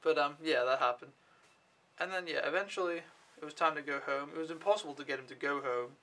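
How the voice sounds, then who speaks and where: A man's voice: on the high side, fast talker, pushed and bright. A young man telling his day in a casual vlog, rambling and offhand, swearing freely. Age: young adult. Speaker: au pair vlogger.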